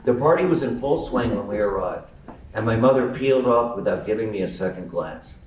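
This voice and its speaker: A man's voice: on the low side, expressive, brisk, background noise. A man reading his memoir aloud at a live event, with wry, amused storytelling. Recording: roomy sound from a distant mic.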